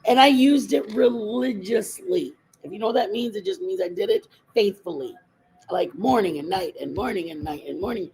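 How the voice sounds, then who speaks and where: A woman's voice: medium pitch, big pitch swings, normal speed, a little mellow, slight background noise, rough recording. A woman hosting a casual makeup livestream, chatting in a rambling, opinionated way. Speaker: livestream host.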